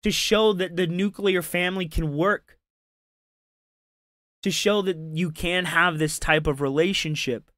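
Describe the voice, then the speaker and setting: A man's voice: sits high, fairly even intonation, a little slow, a bit bright, no room sound, clean studio sound. A man doing casual reaction commentary on a stream, ranting in an exasperated, profane and mocking way.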